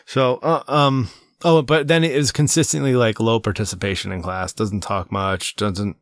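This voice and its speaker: Rambling middle-aged dad, dry sound. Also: male voice, medium pitch, moderate pace, no echo. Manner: rambling, animated retelling with quoted voices. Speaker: parent. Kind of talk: casual chat.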